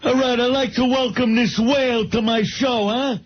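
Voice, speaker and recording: A man putting on a crude, abusive stand-up comic who shouts insults and cackles. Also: extremely high pitch, fairly even intonation, normal speed, voice pushed up. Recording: muffled radio tape with hiss.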